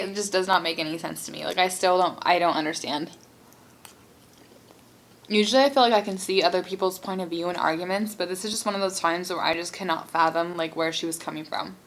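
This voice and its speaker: A woman's voice: lowish voice, fairly quick, fairly bright tone. Chatty young woman telling a story. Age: young adult. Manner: chatty, heavy use of "like", exasperated. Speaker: vlogger. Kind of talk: casual storytime while eating.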